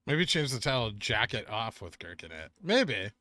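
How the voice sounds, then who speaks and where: This man's voice is lowish and sing-song, at normal speed, bright and forceful, with no echo. In a Southern Californian accent, he casually reads live-stream chat messages and answers them, saying "like" a lot.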